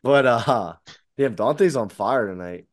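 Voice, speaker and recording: A man chatting on a podcast in a rambling, easygoing way, restarting his sentences and leaning on fillers. His voice sits at an ordinary middle pitch, recorded dry and close with no room sound. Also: animated, slow pace, dry recording. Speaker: podcast co-host. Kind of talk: casual chat.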